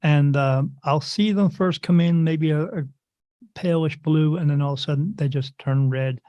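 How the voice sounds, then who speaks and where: A spirit medium appears as a podcast guest, chatting casually and rambling through stories, often restarting sentences and acting out other people's voices with animation. His voice is on the high side at a moderate pace; the recording is muffled with no room sound.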